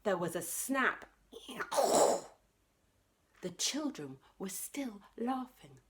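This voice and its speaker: Slow, lively woman reading aloud. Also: mid-range voice. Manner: expressive, drops to whispers for tension. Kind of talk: children's storybook read-aloud.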